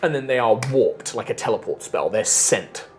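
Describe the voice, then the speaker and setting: A man's voice: lowish voice, animated, a little hiss or hum. Man narrating as game master. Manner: descriptive, halting with fillers.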